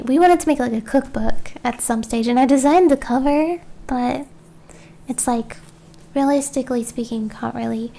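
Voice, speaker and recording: Woman, fairly high voice, rambling and self-deprecating livestream co-host. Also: gravelly, dark tone, slight background noise. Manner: rambling, self-deprecating, trails off mid-thought. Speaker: co-host and artist. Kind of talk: casual livestream chat.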